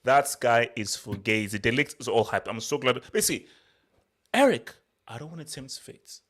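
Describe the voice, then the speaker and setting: A man co-hosting a casual football podcast, ranting loudly and excitably, repeating himself. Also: mid-range voice, moderate pace. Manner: loud, excitable, repetitive ranting. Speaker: podcast co-host. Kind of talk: heated casual football chat.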